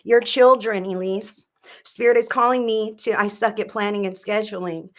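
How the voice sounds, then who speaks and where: A woman's voice: fairly high pitch, moderate pace, fairly bright tone. A woman doing a live-streamed psychic reading. She talks in a chatty, affectionate way, full of endearments, and checks in with "okay?" after each point. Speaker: psychic reader.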